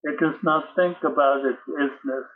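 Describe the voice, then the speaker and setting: A man voicing a serene, gentle female angel as he reads his poem aloud, speaking softly and unhurriedly. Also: a little high, fairly even intonation, phone-quality sound, close to an everyday voice. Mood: soothing. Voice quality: soft, unhurried.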